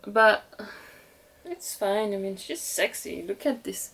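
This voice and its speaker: A woman's voice: mid-range voice, lively intonation, takes it slowly, a bit bright, breathy edge. A young woman with a French accent, chatting casually and gushing as she unboxes dolls for her viewers. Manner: gushing, giggly, talks to viewers. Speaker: doll collector vlogger.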